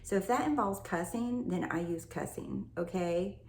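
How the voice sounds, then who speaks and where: A woman's voice: lowish voice, animated, normal speed, gravelly, darkish tone, a little hiss or hum. A woman from California, a self-help coach, talking casually and emphatically to her viewers, swearing freely. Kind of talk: casual teaching monologue. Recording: echoey room, faint ambience.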